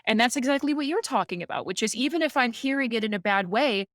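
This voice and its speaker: Animated woman telling a workplace story. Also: fairly high pitch, fast talker, no echo, clean studio sound. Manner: animated, acts out quoted dialogue. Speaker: guest, company president. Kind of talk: conversational podcast storytelling.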